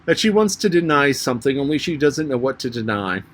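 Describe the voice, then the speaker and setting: A man's voice: medium pitch, big pitch swings, brisk. A man reading an audiobook and voicing the White Queen, an anxious, scatterbrained queen with a fussy, rambling manner.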